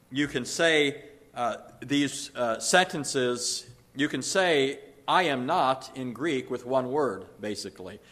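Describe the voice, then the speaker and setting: A man teaching through a Bible passage in an earnest, explanatory way, pausing often with "uh" and restarting phrases. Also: fairly high pitch, fairly bright tone.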